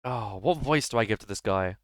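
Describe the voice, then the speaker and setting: A man's voice: on the low side, lively intonation, brisk, no room sound, clean studio sound. A man streaming a game, chatting casually and laughing between lines, with many fillers. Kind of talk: casual gaming commentary.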